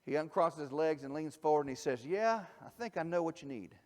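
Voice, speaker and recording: Pastor guy with a high voice preaching, casual then loud, long echo from the church hall. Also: lively intonation, brisk. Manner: conversational, swings from soft asides to shouted emphasis. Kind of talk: sermon. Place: church sanctuary.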